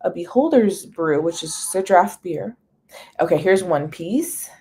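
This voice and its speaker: Chatty woman on a livestream, warm mellow voice, reading stuff off a menu and saying hi to folks. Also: lowish voice, expressive, unhurried. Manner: chatty, reads menu items aloud in lists; greets viewers by name. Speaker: livestream host. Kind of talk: casual live chat with viewers.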